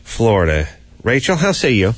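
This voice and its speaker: A man's voice: mid-range voice, huge pitch swings, husky, no room sound. A man hosting a talk show, bantering in a wry, sarcastic way. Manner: wry, sarcastic, quick quips. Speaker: radio show host.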